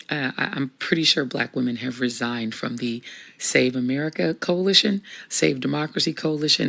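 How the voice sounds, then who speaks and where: Gravelly man, halting wry commentary. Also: medium pitch, bright, forceful tone. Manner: halting, many ums and restarts, wry chuckles. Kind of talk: casual spoken commentary.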